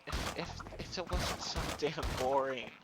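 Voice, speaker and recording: A man's voice: a little high, a little slow, very noisy. A man streaming a video game live, grumbling bluntly and swearing at it as he plays. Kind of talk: casual live gameplay commentary. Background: game music playing.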